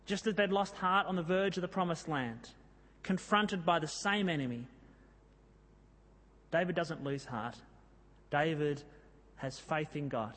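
A man preaching a sermon, telling a Bible story in a lively way and reading scripture with drama. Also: a little high, unhurried. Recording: long hall reverb.

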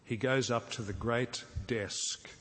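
A man delivers a sermon in an earnest, deliberate way, leaning into key words and playing out imagined scenes. His voice sits at an ordinary middle pitch. The sound carries a long reverb, as in a large church hall. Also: fairly even intonation, a bit bright, a little hiss or hum. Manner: earnest, slows down for emphasis, acts out imagined scenes. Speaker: preacher.

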